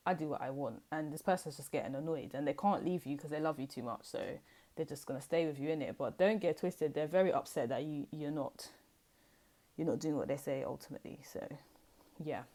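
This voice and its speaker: A woman's voice: sits low, brisk, dark tone. A young woman giving a tarot reading in a chatty, slangy, rambling way. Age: young adult. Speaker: tarot reader. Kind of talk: casual tarot reading to camera.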